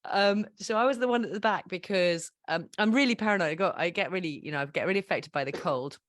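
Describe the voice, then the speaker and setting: A woman in her fifties tells stories as a guest in a relaxed interview. She is animated and laughs often at her own mishaps. Her voice sits a little low and sounds close and dry. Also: fast, dry recording. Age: 50s. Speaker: podcast guest. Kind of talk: casual storytelling interview.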